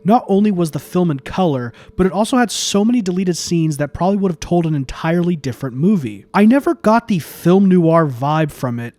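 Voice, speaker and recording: A man's voice: a little high, darkish tone, no room sound. A man who critiques films on video, delivering scripted commentary in a sarcastic, profane way. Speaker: YouTube film critic.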